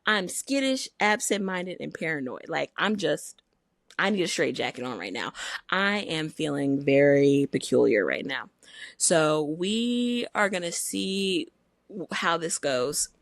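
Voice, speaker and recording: A woman's voice: low voice, animated, unhurried, gravelly, no echo, studio quality. Sleep-deprived rambling woman podcast host. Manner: rambling, playful, self-mocking. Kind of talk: casual chat.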